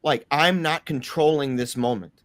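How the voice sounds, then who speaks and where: A man's voice: on the high side, moderate pace, no room sound. A man speaking as an interview guest, telling a personal story in a casual, slangy, emphatic way. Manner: informal, slangy, says "bro" and "man"; earnest, emphatic retelling of a personal ordeal.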